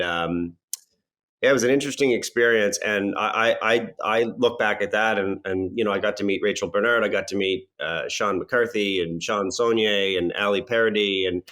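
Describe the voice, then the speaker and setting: A man, an actor and comedian, chatting as a podcast guest and telling stories in a lively way with frequent restarts. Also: lowish voice. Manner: lively storyteller with laughs and restarts. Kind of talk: casual podcast interview.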